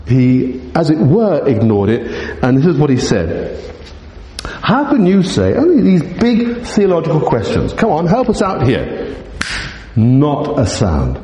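A man's voice: a little high, huge pitch swings, a little slow, dark tone. A man preaching a sermon to his congregation, emphatic and teacherly, full of rhetorical questions. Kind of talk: expository sermon. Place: church meeting hall. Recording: echoey hall, long reverb.

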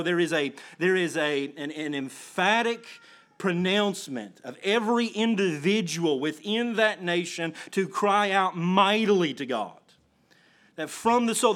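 A man's voice: sits high, a bit bright. A man pastor preaching an earnest sermon, often restarting phrases and building to emphatic swells.

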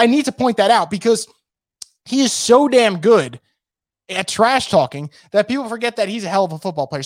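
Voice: medium pitch, no room sound, clean studio sound. A sports show host giving casual, opinionated football commentary, emphatic and repeating words for stress, while losing their voice.

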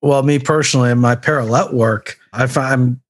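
A man's voice: medium pitch, fairly even intonation, normal speed. A man co-hosting a casual chat, rambling a bit and circling back with "you know" and restarts. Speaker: podcast co-host.

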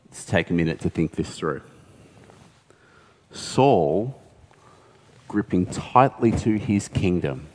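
A low-pitched male preacher delivering a sermon, telling the story conversationally and dropping in casual asides. His voice rings with a long reverb, as if in a large church hall. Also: a little mellow.

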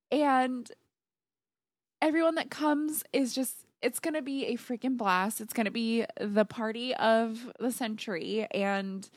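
A woman's voice: on the high side, dry recording. A woman guest on a podcast, talking casually and gushing with emotion, close to tears. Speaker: podcast guest, host's fiancée. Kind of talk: casual chat.

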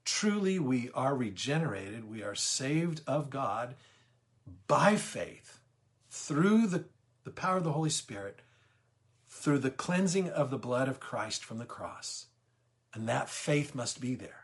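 A man's voice: mid-range voice, very animated. Emphatic man teaching Bible study. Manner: emphatic, slows down on key words, greets online viewers.

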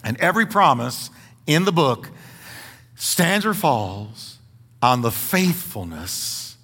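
Emphatic preacher with a bright, ringing voice. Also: male voice, mid-range voice, sing-song, slow pace, breathy edge, long reverb tail. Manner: emphatic preaching, repeating words for stress; folksy humor with the congregation. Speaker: pastor. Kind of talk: sermon. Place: church sanctuary.

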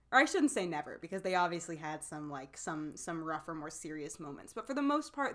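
A woman co-hosting a podcast in casual chat, animatedly recapping a show with lots of fillers. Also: lowish voice. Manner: animated, acts out scenes, many fillers. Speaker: podcast co-host.

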